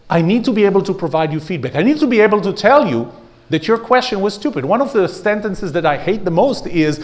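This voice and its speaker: Male lecturer before a live room, higher-leaning voice that swings widely in pitch; blunt, gets the crowd to repeat lines. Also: moderate pace. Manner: animated, has the audience repeat phrases; rhetorical questions, blunt. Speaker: leadership lecturer.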